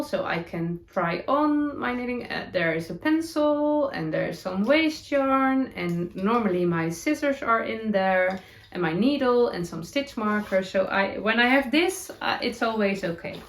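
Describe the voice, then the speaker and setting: A woman with a Dutch accent, a native Dutch speaker, chatting casually as a knitting podcast host, with many fillers, pauses and giggles. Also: a little high. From Netherlands. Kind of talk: casual chat showing her knitting gear. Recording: roomy echo.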